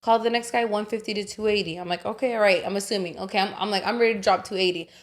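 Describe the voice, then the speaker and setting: A young woman co-hosting a podcast tells a story in casual chat, animated and swearing as she acts out other people's voices. She speaks very fast at a medium pitch.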